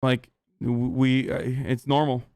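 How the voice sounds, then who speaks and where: A man streaming live, ranting heatedly at his chat with lots of swearing and halting restarts. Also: mid-range voice, little pitch movement, a little mellow, clean tone, no echo, clean studio sound. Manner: profane, agitated, halting restarts.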